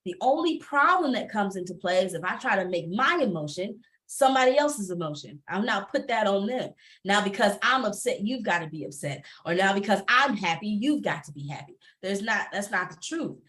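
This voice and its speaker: A woman's voice: mid-range voice, animated, a little fast, fairly bright tone. Passionate woman speaking on a panel. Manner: passionate, emphatic, laughs often. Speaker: entrepreneur and coach on a panel. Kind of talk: candid panel talk. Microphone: video call.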